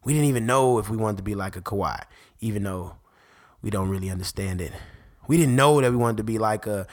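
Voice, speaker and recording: Excitable rambling man hosting a podcast. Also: on the low side, a little fast. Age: adult parent. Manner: excitable, rambling, self-interrupting. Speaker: podcast host. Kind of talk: casual faith podcast monologue.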